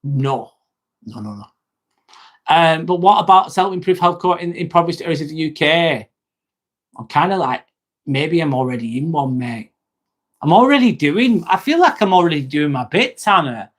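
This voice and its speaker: A man's voice: a little high, animated, normal speed, fairly bright tone. Chatty man in his forties. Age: 40s. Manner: chatty, blunt, often trails off into "um" and "mate". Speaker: livestream host and nurse. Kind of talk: casual livestream chat with viewers.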